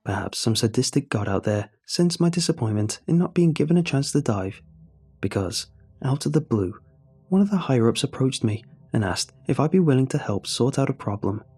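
A young man narrating a scripted horror story in a steady, measured way. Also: medium pitch, breathy edge. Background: faint music.

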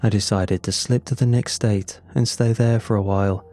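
A man narrating a first-person horror story in a slow, somber, scripted telling. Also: fairly low pitch, steady tone, warm tone, soft background music.

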